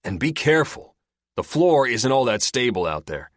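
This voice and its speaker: A man voicing a gruff, irritable male special-ops soldier in an audiobook, blunt and curt. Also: medium pitch, very animated, moderate pace, dry recording, clean studio sound, voice pushed up, close to an everyday voice.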